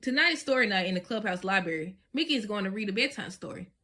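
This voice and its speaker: A woman's voice: medium pitch, expressive, fast talker, bright, forceful tone. Woman reading a children's storybook aloud, light laughs and small slips. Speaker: story reader.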